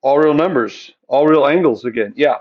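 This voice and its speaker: A man's voice: medium pitch, normal speed, muffled recording. A male math teacher lecturing a classroom, asking the students questions and answering them himself.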